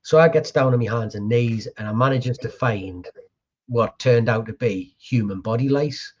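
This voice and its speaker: A man with a slightly husky voice tells casual, slangy stories as a podcast host. The audio is a little dull and lo-fi. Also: medium pitch, normal speed. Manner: lively anecdotes with laughter and colloquial slang. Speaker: podcast host, pest control business owner. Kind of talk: casual storytelling chat.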